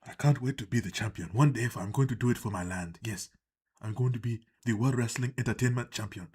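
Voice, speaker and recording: A man's voice: medium pitch, fast talker, a little mellow, husky, pitched below the performer's own voice, natural voice. A man hamming up a pompous boasting wrestler. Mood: boastful. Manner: pompous, declaiming. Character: boastful grandiose male wrestler.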